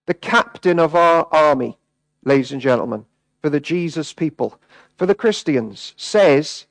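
A man preaching a sermon, emphatic, dropping to hushed words and then rising again. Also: a little high, animated, moderate pace, gravelly, no room sound, poor audio. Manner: emphatic, swinging between hushed and raised.

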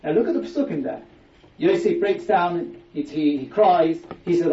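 A man's voice: on the high side, animated, moderate pace, dark tone, slight background noise. A man giving a Torah lecture, explaining with emphatic rhetorical questions. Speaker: rabbi giving a Torah class. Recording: echoey, distant, dull-sounding recording.

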